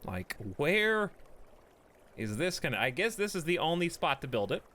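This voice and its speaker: A man's voice: fairly high pitch, big pitch swings, normal speed, pushed and bright. A man streaming a strategy game, chatting with his viewers in a rambling, joking way and laughing often. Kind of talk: casual gameplay stream commentary.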